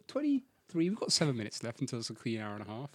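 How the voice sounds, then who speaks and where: A man's voice: medium pitch, wildly swooping pitch, fast talker, a little mellow, dry recording. A young man co-hosting a podcast, chatting casually, rambling and laughing at himself. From England. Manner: giggly, rambling, self-mocking. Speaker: podcast co-host. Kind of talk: casual chat.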